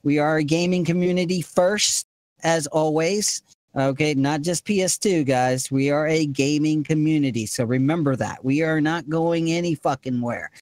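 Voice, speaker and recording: Man, clan leader on voice chat, slightly high, dry close mic, rambling and cursing. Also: moderate pace, a little mellow, no echo. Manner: rambling, profane, repeats "and stuff". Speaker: gaming community leader. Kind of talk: casual voice chat meeting.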